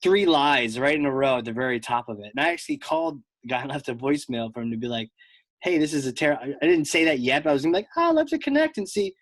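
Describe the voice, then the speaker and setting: A man hosting a podcast in casual conversation, telling animated stories with plenty of fillers and restarts. His voice sits at an everyday pitch. The sound is dry and close, with no room around it. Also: quick pace, no room sound. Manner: animated storyteller, lots of fillers. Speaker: podcast host.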